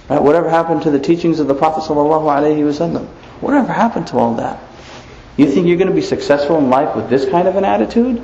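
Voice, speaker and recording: Guy giving an islamic talk, animated, lots of rhetorical questions, kinda muffled and echoey. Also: a little high, fast, a little hiss or hum. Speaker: preacher. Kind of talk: Islamic lecture. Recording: echoey muffled room recording.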